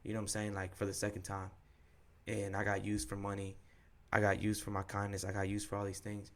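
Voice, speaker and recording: Telling a frank personal story, a young podcast co-host describes his breakup using slang and profanity. His lowish voice is monotone and a little fast.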